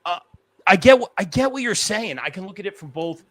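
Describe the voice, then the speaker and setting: Bright-voiced man hosting a live show. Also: sits high, animated, fairly quick, no echo. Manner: reads viewer comments aloud. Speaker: podcast host. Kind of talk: casual live-stream chat.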